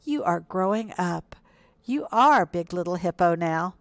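A woman voicing a gentle, reassuring mother hippo in a children's storybook reading, speaking in a soothing, encouraging way. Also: on the low side, lively intonation, a little slow, dry recording.

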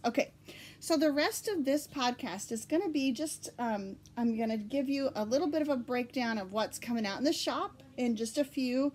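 A woman with an Oklahoma accent chats casually from her home, hosting her knitting podcast. She pitches slightly high and sounds bubbly and easily excited, often giggling as she talks. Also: moderate pace. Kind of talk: casual chat.

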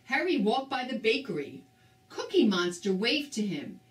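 An older woman reading a children's book aloud with slow, expressive storytelling. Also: on the high side, slight background noise. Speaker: storybook reader. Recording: roomy, distant mic.

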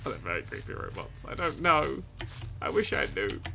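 A young man commentating his own game, jumpy and quick to yelp and swear when startled. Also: mid-range voice, very animated, gravelly, bright, forceful tone, a little hiss or hum. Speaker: gaming YouTuber. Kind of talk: let's play commentary.

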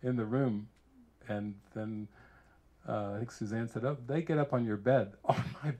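An American man, a spiritual teacher, giving an informal retreat talk full of lively personal stories, laughing often and acting out what others said. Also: fairly low pitch, normal speed. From United States. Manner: animated storyteller who laughs often and acts out quotes.

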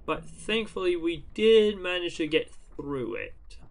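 A man's voice: high voice, expressive, measured pace, gravelly. A man giving playful, jokey gameplay commentary as a let's play host, chatty and full of fillers, restarts and mock taunts.

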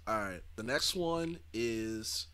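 A man's voice: fairly low pitch, animated, slow, a bit bright. Upbeat man hosting a reaction video. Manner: upbeat, chatty, with fillers. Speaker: YouTube host. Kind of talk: casual reaction commentary. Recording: clear background music.

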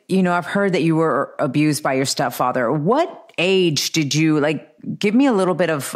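A woman hosting an interview, chatting casually and answering her guest with short supportive replies. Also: lowish voice. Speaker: interview host.

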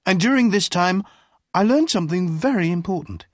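A reader slowly and clearly narrating a graded-reader story. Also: mid-range voice, animated, no room sound, studio quality. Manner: slow, clearly paced storytelling. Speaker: audiobook reader.

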